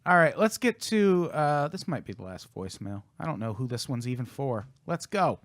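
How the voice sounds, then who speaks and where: A man hosting a podcast who reacts with quick, wry comments. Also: mid-range voice, big pitch swings, no room sound. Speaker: podcast host. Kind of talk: casual podcast chat.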